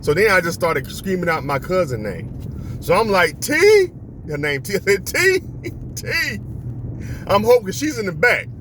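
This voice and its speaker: Man from Florida, casual animated storyteller, lively higher voice, street noise. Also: normal speed. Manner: animated, acts out voices, laughs often. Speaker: vlogger. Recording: outdoor street and traffic noise.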